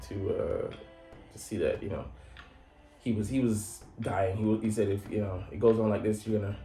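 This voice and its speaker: A man with a lowish voice recaps an anime episode in a loose, rambling way, swearing freely and leaning on fillers. His voice bounces around an echoey room. Faint background music plays behind him. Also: dark tone. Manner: rambling, profane, full of fillers.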